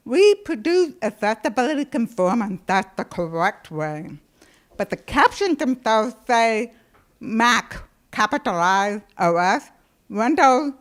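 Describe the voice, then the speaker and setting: Slow, higher-voiced woman with a lilt, wry conference presenter. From United States. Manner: wry, self-deprecating, laughing.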